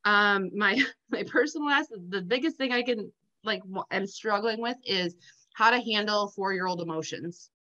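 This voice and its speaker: Bright-voiced candid woman on a call. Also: mid-range voice, normal speed, dull audio. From Minnesota, USA. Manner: candid, animated, laughs easily. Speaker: business founder, mother. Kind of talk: casual interview chat. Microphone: video call.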